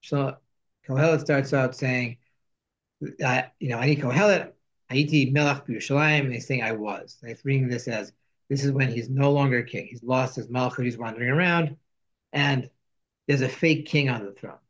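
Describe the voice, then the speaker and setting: A Torah teacher leads a text study class, reading quotes in Hebrew and Aramaic aloud and translating each line as he goes. His voice sits in the mid-range, his pace is moderate, and the audio sounds dull.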